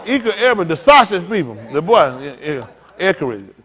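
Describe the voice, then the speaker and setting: A man in the pulpit, preaching loose and full of jokes. His voice sits high for a man and leaps all over the place, climbing and dropping as he riffs and calls out to the congregation. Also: moderate pace, breathy edge, some chatter behind. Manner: animated, joking, talks to the congregation. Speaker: pastor. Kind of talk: freewheeling preaching with comic asides.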